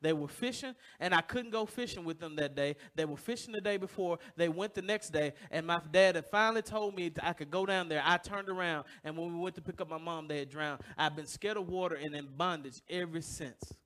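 A man's voice: a little high, fairly quick, hardly any pauses. A man preaching a sermon to his congregation, telling a personal story and asking rhetorical questions, acting out other people's voices along the way. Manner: acts out voices in stories, loud bursts. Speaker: pastor. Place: church.

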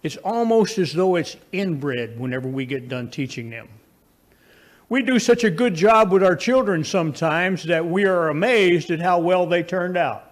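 A man preaching a sermon, telling folksy family stories and moving between raised emphatic lines and low, quiet asides. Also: lively intonation, moderate pace.

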